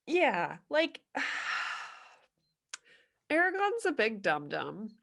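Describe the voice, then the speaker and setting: A woman's voice: fairly high pitch, huge pitch swings, very slow, vocal fry, fairly bright tone. A woman co-hosting a movie podcast, talking bluntly in casual chat, laughing often and swearing. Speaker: podcast co-host.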